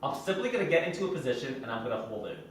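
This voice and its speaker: Racing along and very animated, a medium-pitched man acting as a fitness trainer demonstrates exercises in a gym while explaining each step. There's slight background noise, and he sounds far off in a very echoey room.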